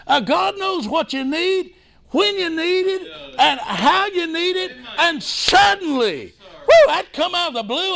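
Man, missionary preacher, revival sermon, strikingly high voice, fervent, shouts of glory. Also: vocal fry. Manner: fervent, exclaiming glory and hallelujah; repeats hey, listen, with sudden shouts.

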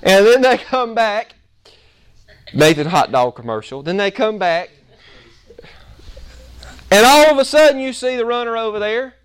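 A preacher man tells a homespun story to his congregation, acting out each scene with animated energy. His voice sits high and rings clear and smooth. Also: measured pace, pauses often. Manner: animated, folksy, acts out the story. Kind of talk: storytelling sermon.

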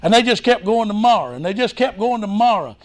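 Very high-pitched fervent male preacher. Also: animated, quick pace. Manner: fervent, exclaiming glory and hallelujah; repeats hey, listen, with sudden shouts. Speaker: missionary preacher. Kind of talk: revival sermon.

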